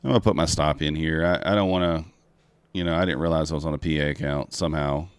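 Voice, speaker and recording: A man's voice: a bass voice, steady tone, quick pace, clean tone, no room sound. A man chatting casually to viewers while trading futures live, talking them through each move. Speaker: live-streaming futures trader. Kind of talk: casual live-stream commentary.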